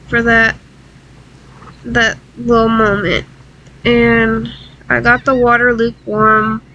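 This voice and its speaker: A woman vlogger telling an emotional personal story in a halting, tearful way, often pausing and fighting back tears. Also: on the high side, sharp tone, highs cut off, slight background noise. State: crying.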